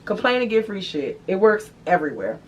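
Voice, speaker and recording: A young adult woman hosting a vlog, talking in an animated, profane, slangy way. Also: mid-range voice, brisk. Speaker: vlog host. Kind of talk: casual chat to camera. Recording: distant mic, faint background noise.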